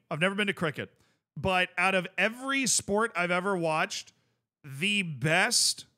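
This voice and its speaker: A man's voice: high voice, sharp tone. A male streamer chatting casually while reacting to clips, enthusiastic and rambling, full of fillers.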